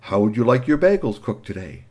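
A prim little talking toaster with polite, chirpy manners, as a man puts it on. The voice is husky and lively in pitch. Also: a little fast.

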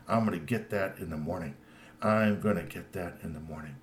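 A man doing a low hushed schemer. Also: a little fast, a little hiss or hum, close to an everyday voice. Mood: plotting. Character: scheming human hiding among trolls.

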